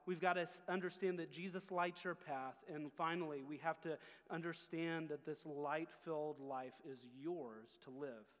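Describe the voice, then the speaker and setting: A man preaching a sermon as pastor, earnest, dropping low and quiet on key phrases. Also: big-room sound.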